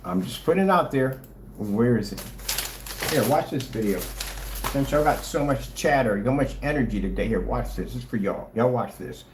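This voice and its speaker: A man on a livestream taunts and mocks his chat, his pitch leaping up and down as he rants. His voice rings in a roomy space with a faint hum behind it. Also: expressive, moderate pace. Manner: taunting, sarcastic, challenges viewers. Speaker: livestream host selling projector screen paint.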